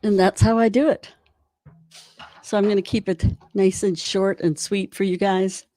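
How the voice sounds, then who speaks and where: A woman's voice: mid-range voice, steady tone, moderate pace, warm tone, dry recording. A woman giving an online drum clinic, chatty and encouraging while she demonstrates rudiments. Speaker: drum instructor.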